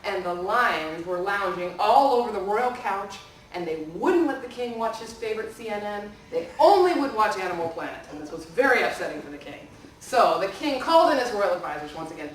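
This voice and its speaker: A woman's voice: medium pitch, fairly quick, a little hiss or hum. A woman storyteller in a library, telling a folktale to children and asking them questions. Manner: animated, asks the audience questions. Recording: echoey room from far off.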